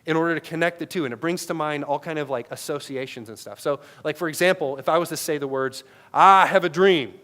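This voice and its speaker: A male pastor delivers a sermon over a headset mic in a conversational style, ending lines with "right?" and moving between loud, emphatic high points and quiet, low asides. He talks fast, with hardly any pauses.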